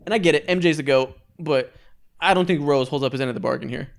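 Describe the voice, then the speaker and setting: A man's voice: a little high, gravelly. A young man co-hosting a casual sports podcast, joking and running a quiz game. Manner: joking, quick banter.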